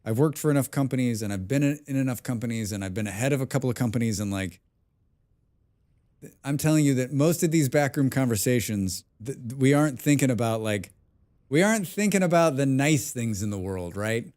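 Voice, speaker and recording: A man's voice: mid-range voice, animated, brisk, a little mellow. A man talking casually on a live game stream, rambling and thinking aloud with many restarts and the odd swear. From abroad, lives outside his birth country. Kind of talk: casual live-stream chat while gaming.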